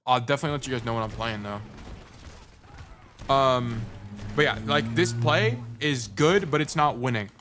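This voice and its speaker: A man's voice: mid-range voice, normal speed, long pauses, over music. A young adult man giving casual gameplay review commentary as a coach, blunt and teasing, repeating his points for emphasis. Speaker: game coach.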